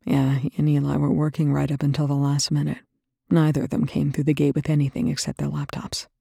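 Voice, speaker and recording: A woman voicing a weary, gruff male military colonel who speaks in dry, curt lines. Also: deep voice, monotone, fairly quick, mellow, no room sound, exaggerated voice.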